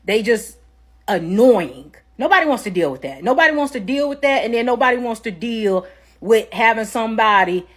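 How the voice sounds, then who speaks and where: A woman's voice: fairly high pitch, lively intonation, normal speed, fairly bright tone. A woman in a casual rant, speaking in a blunt, emphatic and dismissive way.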